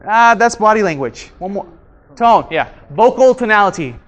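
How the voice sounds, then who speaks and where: Animated male seminar instructor. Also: high voice, normal speed, lo-fi sound. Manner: animated, quizzes audience and acts out examples. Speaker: workshop instructor. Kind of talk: interactive seminar lecture. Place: training room before a live audience.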